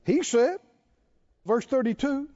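A man's voice: very high voice, lively intonation, slow, warm tone, highs cut off. A middle-aged male pastor preaching a sermon, punctuating his points with emphatic exclamations and quoted scripture.

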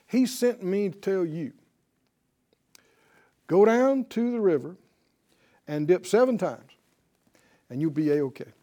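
A man voicing a casual male servant messenger who speaks low and quietly. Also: expressive, slow pace, long pauses. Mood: offhand.

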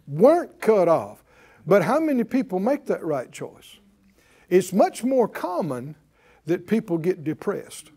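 High-voiced preacher guy, really animated, calls out and gets the room to say it back. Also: unhurried, husky. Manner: lively, emphatic, call-and-response preaching. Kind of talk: sermon.

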